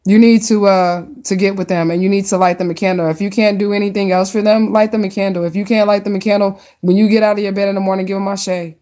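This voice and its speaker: On her live stream, a mid-range-voiced woman pulls tarot cards for viewers, excitable and talkative, with casual slang and elongated words for emphasis.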